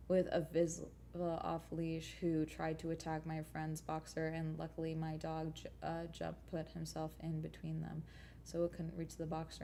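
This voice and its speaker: A woman's voice: sits low, vocal fry, warm tone, slight background noise. A woman livestreaming from home, telling rambling stories to her chat in a casual, profane, emphatic way and tagging sentences with "okay?". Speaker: livestream host chatting with viewers.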